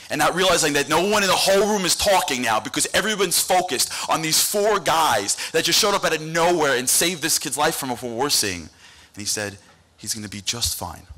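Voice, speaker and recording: A man from the United States tells an animated story to a dinner crowd, speaking into a podium microphone. His voice is bright and forward, and he drops into the voices of the people in his story. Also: a little high, fairly quick. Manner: animated, acts out quoted voices. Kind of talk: storytelling speech. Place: banquet hall event.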